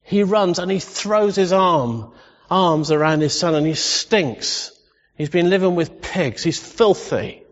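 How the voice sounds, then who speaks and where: A man preaching with passion, his somewhat high voice ringing out in a long hall reverb. The sound is dull and lo-fi, as from a church recording. He builds to loud exclamations, then drops to quiet, tender asides. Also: slow pace. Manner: impassioned, rising to loud exclamations. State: emotional. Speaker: pastor. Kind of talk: sermon.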